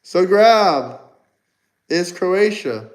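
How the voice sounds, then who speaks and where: A male livestreamer with a high-pitched voice talks casually to his chat. He answers commenters with combative, mocking jabs. His delivery stays loose and off-the-cuff. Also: lively intonation, very slow, poor audio. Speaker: livestream host.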